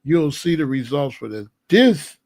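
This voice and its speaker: A man's voice: on the high side, sing-song, measured pace, a little mellow. A man hosting solo political commentary, talking emphatically and repeating incredulous rhetorical questions. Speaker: commentary channel host.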